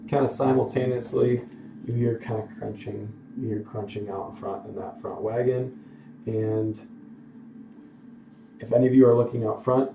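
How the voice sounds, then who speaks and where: A man's voice: mid-range voice, creaky, background noise. A man running a tabletop game as dungeon master, describing scenes at an easy pace and calling for dice checks. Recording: roomy sound from a distant mic.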